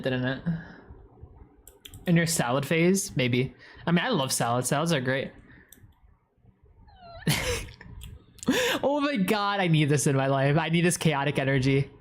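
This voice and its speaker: A young man streaming, chatting casually and excitably as he reacts to videos and reads chat, swearing now and then. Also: on the high side, a little hiss or hum.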